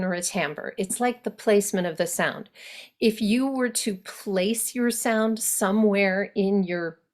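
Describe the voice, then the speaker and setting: A woman dialect coach teaching an acting workshop, explaining in a measured, explanatory way. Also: medium pitch. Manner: measured, explanatory, with brief demonstrations.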